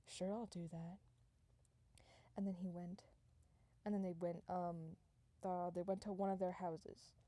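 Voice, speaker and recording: A woman rambles through an improvised comic story, swearing and restarting sentences as she goes. Her voice is mellow and soft-edged. The sound is dry and close. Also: fairly low pitch, flat delivery, moderate pace, dry recording.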